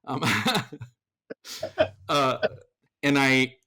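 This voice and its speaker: A middle-aged man, a theater performer and voice actor, telling his story as a podcast guest in lively casual talk with many restarts. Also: mid-range voice, very slow. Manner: animated, acts out quoted voices, frequent restarts.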